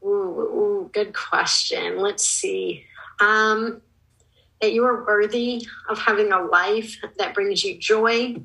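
An earnest woman gives encouraging advice as a podcast guest. She speaks very slowly, with a bright and forceful edge to her voice, and fills her pauses with "um". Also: medium pitch, steady tone, creaky, poor audio. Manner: slow, earnest and encouraging, with many "um"s. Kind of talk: casual podcast interview.

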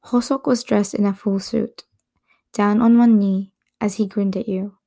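A woman hosting a podcast, reading romantic fan fiction aloud in a soft storytelling voice that slips into a whisper. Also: mid-range voice, steady tone, measured pace, creaky. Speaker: podcast host.

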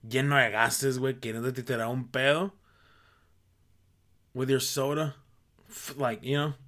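A man's voice: mid-range voice, a bit bright. A man in a casual comedic rant, exasperated, peppering his talk with "dude" and "like" and switching between English and Spanish.

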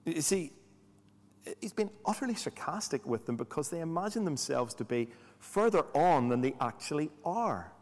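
A man's voice: on the high side, very animated, normal speed, a little mellow. A man preaching a sermon in a conversational way, with rhetorical questions and dry humor. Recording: long hall reverb.

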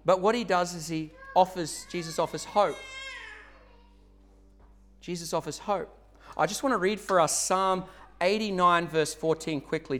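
A male pastor from Australia delivers a sermon in a church. His voice sits high for a man, and his preaching is earnest and conversational, pressing hard on key points before easing back. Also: sharp tone.

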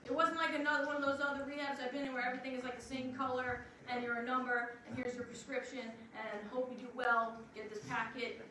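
Pausing at length to let her words land, a high-voiced program assistant director from Long Island, New York, offers earnest, emphatic testimony to a congregation. She sounds far off the mic in a big, very echoey hall, with steady noise running under her voice.

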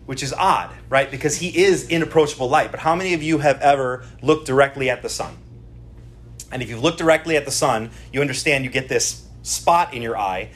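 A man's voice: medium pitch, fairly bright tone, a little hiss or hum. A middle-aged man preaching a conversational sermon at a church service, often checking in with the congregation. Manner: chatty, keeps checking in with the congregation. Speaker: pastor.

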